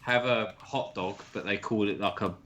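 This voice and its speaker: Casual bloke, lower register, crude matey banter, co-host. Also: male voice, steady tone, moderate pace, fairly bright tone, a little hiss or hum. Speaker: stream co-host. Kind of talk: casual chat.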